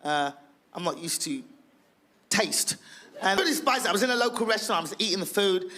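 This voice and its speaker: A woman's voice: mid-range voice, expressive, fairly quick. Brash woman doing stand-up. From England. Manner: brash, profane, acts out loud shouted voices. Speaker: stand-up comedian. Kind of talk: stand-up comedy.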